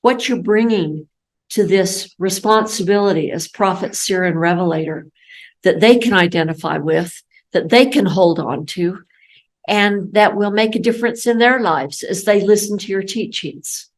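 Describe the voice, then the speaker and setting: Woman telling a lively personal story. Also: mid-range voice, moderate pace, rough recording. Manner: animated, acts out quoted voices. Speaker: guest speaker. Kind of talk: storytelling talk.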